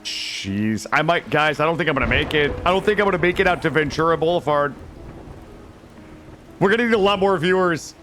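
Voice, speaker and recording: A man's voice: on the high side, animated, fairly quick, fairly bright tone, soft background music. A man from Vermont chatting casually with his live-stream chat while he plays, joking and swearing freely. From Vermont, USA. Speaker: gaming streamer.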